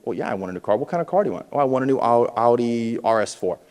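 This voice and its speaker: A man's voice: medium pitch, animated, racing, a little mellow. A man giving a punchy motivational speech at a conference, stirring up the audience to call back to him. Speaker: keynote speaker at a realtors conference. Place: large conference hall, indoors. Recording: reverberant conference hall.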